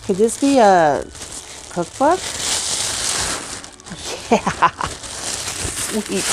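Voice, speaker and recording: A middle-aged woman chatting casually as she unboxes giveaway gifts, gushing with excited oohs and soft gasps. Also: mid-range voice. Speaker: vlogger unboxing a giveaway box.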